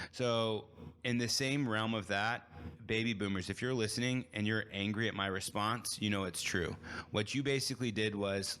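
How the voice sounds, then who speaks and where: A man's voice: fairly low pitch, steady tone, normal speed, fairly bright tone, clear, resonant tone. A man in his thirties, a podcast host giving a blunt, emphatic opinion monologue.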